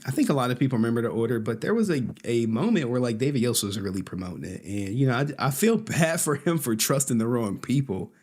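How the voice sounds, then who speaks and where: Laughing, animated male streamer. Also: medium pitch, fast talker, few pauses. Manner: laughs often, jokey, swears casually. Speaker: streamer host. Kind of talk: casual livestream commentary.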